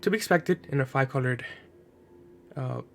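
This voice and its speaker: A man's voice: mid-range voice, normal speed, vocal fry, slight background noise. A man casually thinking aloud as he builds a card game deck, sounding a little nasal from allergies and often checking in with "right?". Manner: chatty, thinking aloud, frequent fillers and rhetorical "right?". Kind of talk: casual gameplay commentary.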